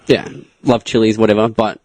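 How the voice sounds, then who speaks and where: A man with a fairly low voice talks in a casual chat. He speaks earnestly and stumbles a little over his words. The sound is dry and close. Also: little pitch movement, fairly quick, a little mellow, dry recording.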